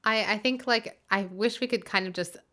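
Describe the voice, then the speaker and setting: A woman's voice: mid-range voice, moderate pace, sharp tone. A woman hosting her own live music stream, chatting casually with viewers, giggly and full of fillers.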